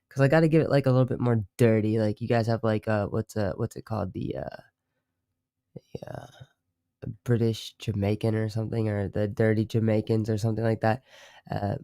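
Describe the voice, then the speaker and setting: Mellow, rambling man trying fake accents. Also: fairly low pitch, moderate pace, dry recording, studio quality. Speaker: streamer. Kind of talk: casual livestream chat.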